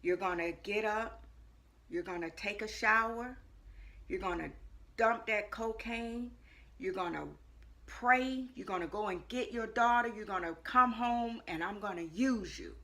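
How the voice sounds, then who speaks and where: The calm, commanding voice of God, as a woman puts it on in her own gravelly tone, handing down firm step-by-step instructions one at a time. It is steady and repetitive and never rushed. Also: medium pitch. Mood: calm commands.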